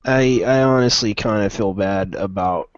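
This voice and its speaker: A man's voice: lowish voice, moderate pace, no room sound, lo-fi sound. A man hosting a casual opinion stream, rambling with frequent restarts.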